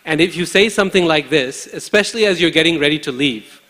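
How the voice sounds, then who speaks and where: A man from India giving a scripture class in a large temple hall, speaking in a measured, conversational way with many hesitant pauses. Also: a little high, expressive, fairly bright tone. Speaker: preacher. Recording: long hall reverb.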